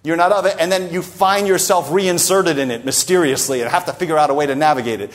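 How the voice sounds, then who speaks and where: A man's voice: fairly high pitch, fast. A man preaching a sermon, teaching from a Bible passage with emphatic stresses and rhetorical asides.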